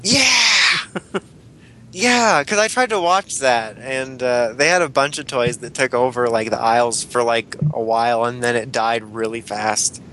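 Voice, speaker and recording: Bright-voiced young man chatting casually. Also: medium pitch, a little slow, a little hiss or hum. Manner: rambling, swears, laughs often. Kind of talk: casual chat.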